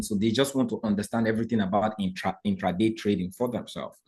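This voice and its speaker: A man with a fairly low voice runs a live trading lesson for an online audience. His delivery is animated and sermon-like, full of rhetorical questions. He keeps pausing to check that everyone is keeping up. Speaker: forex trading teacher.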